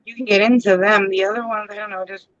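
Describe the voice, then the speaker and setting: A woman's voice: medium pitch, steady tone, quick pace, no echo. Chatty woman, dull dry lo-fi sound. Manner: chatty storyteller. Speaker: co-host of a live stream. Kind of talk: casual live-stream chat.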